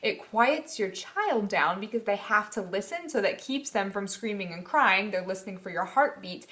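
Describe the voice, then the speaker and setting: A woman's voice: mid-range voice, expressive, normal speed, bright, forceful tone. A young woman talking casually to camera about parenting, earnest and reflective. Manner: earnest, reflective, acts out her own past reactions. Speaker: mother vlogging about parenting. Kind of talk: casual personal talk to camera.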